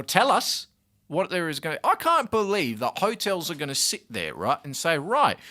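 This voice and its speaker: A young Australian man co-hosts a casual radio chat, worked up and indignant as he makes his case. His pitch swings widely from phrase to phrase, and he laughs often between points. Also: sharp tone. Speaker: student radio co-host.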